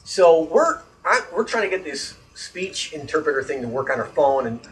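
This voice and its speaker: A man's voice: a little high, normal speed, far from the mic, a little hiss or hum, poor audio. A man telling a long story in casual podcast chat, swearing freely and acting out the voices of the people in it. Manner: animated storyteller, swears, acts out quoted voices.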